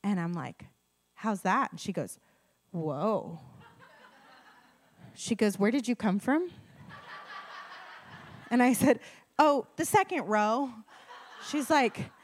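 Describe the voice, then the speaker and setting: A woman preaching a sermon, telling a healing story in an animated way, sometimes dropping her voice low. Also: takes it slowly, pauses often. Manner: animated storytelling, drops to whispers. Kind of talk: sermon with testimony.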